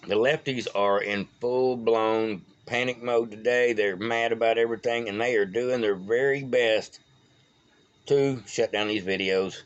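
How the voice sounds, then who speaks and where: A man's voice: medium pitch, fairly even intonation, unhurried, dull audio. A man with a Texan accent, talking casually in a rambling, folksy way as a political vlogger. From Texas. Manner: rambling, folksy, stumbles over names. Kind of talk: casual solo commentary. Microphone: phone.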